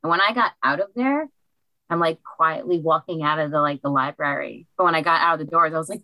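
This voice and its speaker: A woman student on a coaching video call, talking in a bubbly, excitable way from home into a cheap desk microphone. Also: deep voice, brisk, no room sound, rough recording. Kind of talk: casual chat on a video call. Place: at home with a computer.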